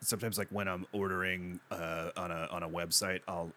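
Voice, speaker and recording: Deep-voiced, awkward man hosting. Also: level tone, a little fast, bright, forceful tone. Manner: hesitant, full of "uh", awkward. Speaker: podcast host. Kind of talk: comic improvised podcast.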